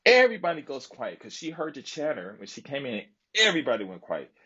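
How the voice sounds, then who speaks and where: A man's voice: mid-range voice, wildly swooping pitch, fast, bright, forceful tone, breathy edge, muffled recording. A man telling a long story on a live stream in a rambling way, with lots of fillers and asides. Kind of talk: casual storytelling chat.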